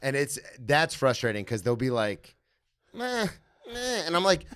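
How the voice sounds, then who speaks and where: Lively-voiced man in his thirties. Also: mid-range voice, normal speed, clean tone. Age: 30s. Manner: animated, acts out quoted yelling. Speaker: podcast co-host. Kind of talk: casual chat.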